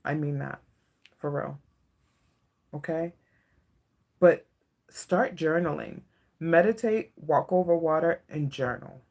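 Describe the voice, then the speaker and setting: Low gravelly woman reading tarot live. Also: slow pace, long pauses. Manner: soft-spoken, emotional, reassuring, checks in with "okay?". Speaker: tarot reader.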